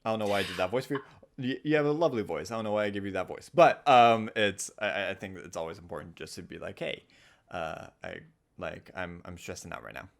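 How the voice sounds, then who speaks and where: Relaxed young man hosting a chat. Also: fairly low pitch, quick pace. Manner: relaxed, filler-heavy, affirming. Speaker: stream host. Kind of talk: casual chat on a stream.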